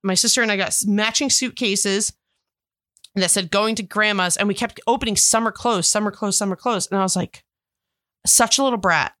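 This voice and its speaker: A woman's voice: mid-range voice, moderate pace, no echo. A woman in her thirties, chatting casually as a podcast co-host and acting out the people in her stories. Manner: animated storyteller, acts out quoted voices. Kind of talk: casual chat.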